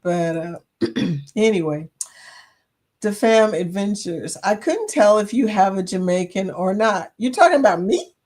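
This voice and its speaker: Casting note: woman, livestream host, conversational and anecdotal, mid-range pitch. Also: slow pace, darkish tone. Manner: chatty, laughs easily, storytelling asides. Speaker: host of a community chat stream. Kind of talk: casual chat.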